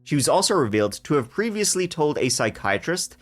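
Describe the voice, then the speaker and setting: A man hosting a true crime podcast, telling the story in a lively way with jokes along the way. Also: on the high side, a little fast, faint music behind. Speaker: podcast host.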